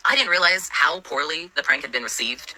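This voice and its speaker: A man's voice: fairly high pitch, a little fast, bright, forceful tone, poor audio. A young man narrating a personal story in a casual, sarcastic way, swearing freely.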